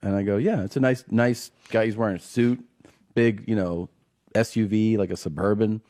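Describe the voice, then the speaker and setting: A man's voice: on the low side, steady tone, moderate pace, warm tone, dry recording. A man hosting a podcast who tells funny stories and acts out the voices of the people he quotes. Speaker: podcast host. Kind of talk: casual comedic storytelling.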